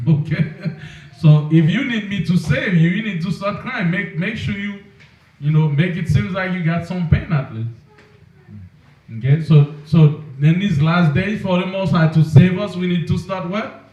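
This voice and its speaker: A man's voice: high-pitched, unhurried, a little mellow. A man teaching an informal Bible class in a casual, joking, preachy way, often asking the class questions. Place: room with a class. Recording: echoey room over a tinny phone-like line.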